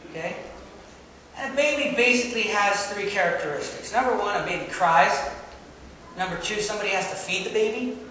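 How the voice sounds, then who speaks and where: Pastor, male, playful call-and-response preacher, heard far off in a big reverberant church with room noise. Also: high-pitched. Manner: lively, joking preaching with audience call-and-response. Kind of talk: sermon. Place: church sanctuary. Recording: echoey hall, mic far off.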